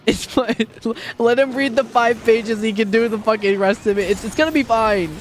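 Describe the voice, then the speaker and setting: A man's voice: sits high, moderate pace, soft background music. A man streaming, ranting casually with lots of swearing and mocking impressions of people he quotes. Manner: ranting, sarcastic, swears often; mocking voices when quoting people.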